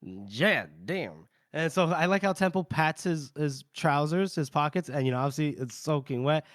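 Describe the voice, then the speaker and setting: A man's voice: fairly high pitch, fairly quick, no echo, studio quality. A man co-hosting a podcast in casual chat, retelling book scenes and reading quotes aloud with frequent chuckles. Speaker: podcast co-host.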